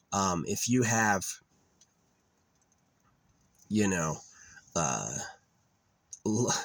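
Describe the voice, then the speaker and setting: A man's voice: fairly low pitch, dry recording. A young man vlogging in a rambling, digressive monologue that drifts into rants, full of fillers.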